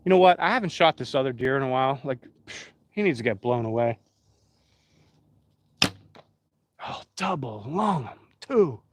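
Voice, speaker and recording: A man's voice: medium pitch, lively intonation, measured pace, long pauses. Chatty man live-streaming. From Pennsylvania. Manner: rambling, chatty, talks straight to the chat. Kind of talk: casual live-stream chat.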